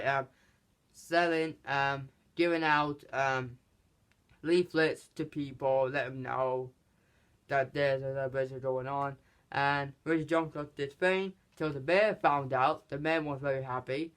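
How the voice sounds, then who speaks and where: A man's voice: on the high side, a bit bright. A man hosting a casual film review, rambling through the plot with many restarts. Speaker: channel host, film reviewer.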